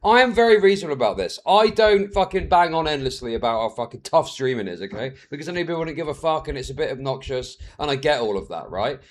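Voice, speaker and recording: A man's voice: mid-range voice, sing-song, fast, hardly any pauses. A man ranting as a streamer reacting to clips, heated, sweary and exasperated.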